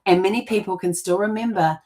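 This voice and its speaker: A woman's voice: mid-range voice, a little fast, dark tone. A middle-aged woman, hosting a family history show and telling rambling childhood stories with restarts and laughter. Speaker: genealogy podcast host. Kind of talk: casual storytelling monologue.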